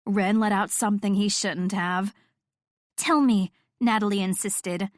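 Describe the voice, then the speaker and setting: A woman narrates a first-person romance audiobook in an even, wry, reflective voice. Her pitch sits mid-range. The studio recording is close and dry. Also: no room sound.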